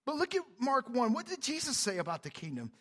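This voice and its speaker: High-voiced pastor preaching animatedly. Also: male voice, quick pace, slightly rough. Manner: animated, conversational preaching with call-and-response. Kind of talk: sermon. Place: church sanctuary.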